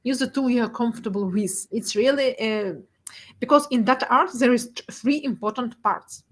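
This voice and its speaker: A woman's voice: a little high, moderate pace. A young woman giving a presentation talk, laughing often and emotional, with many fillers and restarts. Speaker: guest speaker, data artist.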